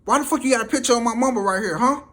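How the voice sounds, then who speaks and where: Vengeful young woman, voiced by a man, higher, forceful, profane rage. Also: racing. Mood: enraged. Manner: furious, snarling, profane.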